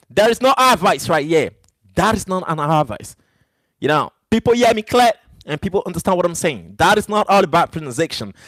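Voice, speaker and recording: A man's voice: on the high side, a bit bright, dry recording. A man who is not a native English speaker, livestreaming and ranting defiantly back at his chat, repeating "brother" and "you know". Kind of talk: live stream rant to chat.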